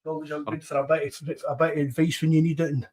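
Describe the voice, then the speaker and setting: A man's voice: on the high side, little pitch movement, rapid-fire, a crowd in the background. A man with a Scottish accent hosting a podcast, casually greeting guests and reading out names from the live chat. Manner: friendly, reads out live chat shout-outs. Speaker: podcast host.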